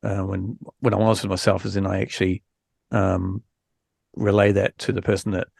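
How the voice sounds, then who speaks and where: Gravelly man hosting a podcast. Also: sits low, little pitch movement, normal speed, darkish tone, no echo, studio quality. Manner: frank, rambling, many fillers and restarts. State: recovering from illness, low energy. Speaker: podcast host. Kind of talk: casual podcast chat.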